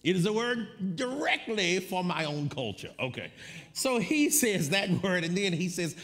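A man's voice: high-pitched, measured pace, a little hiss or hum. A man preaching a storytelling sermon, acting out the people in his story as he goes. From United States. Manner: animated, acts out quoted voices.

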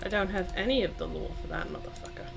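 A woman's voice: medium pitch, wildly swooping pitch, quick pace, vocal fry, over loud music. A woman hosting a live game stream, chatting casually and telling stories with animation and the odd swear. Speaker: streamer, host.

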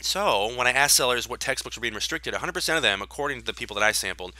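A man's voice: mid-range voice, animated, fast, sharp tone, no room sound. Male solo explainer; punchy, emphatic delivery, dry close recording. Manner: emphatic, sarcastic asides, repeats key points. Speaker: online seller educator.

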